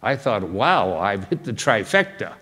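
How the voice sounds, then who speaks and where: A man's voice: on the low side, big pitch swings, a little slow, a bit bright. An older man giving a public lecture, wry and conversational, with a self-deprecating humor. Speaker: guest lecturer. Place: large lecture hall. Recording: reverberant lecture hall.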